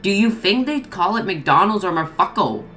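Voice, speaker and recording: A woman's voice: mid-range voice, expressive, normal speed, a bit bright, natural voice. A woman voicing a dim-witted male fish sidekick who asks clueless questions.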